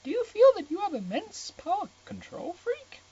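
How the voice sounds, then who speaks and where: A shy, nervous young student , put on by a man in a lo-fi home reading. Her voice is pushed up high and wobbles with stammers. It lifts and dips all over the place. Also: huge pitch swings, normal speed, warm tone, full character voice. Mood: flustered. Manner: stammering, flustered.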